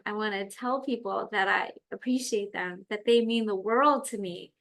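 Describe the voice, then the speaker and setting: A woman's voice: mid-range voice, fairly bright tone. A woman co-hosting a podcast, speaking in an earnest, reflective way in casual chat. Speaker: podcast co-host.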